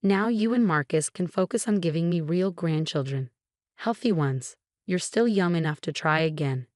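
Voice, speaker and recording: A woman's voice: on the low side, expressive, moderate pace, darkish tone, no room sound, studio quality, natural voice. A woman reading the lines of a cold, falsely sympathetic older mother-in-law in a scripted story, her voice sugary. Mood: falsely sweet.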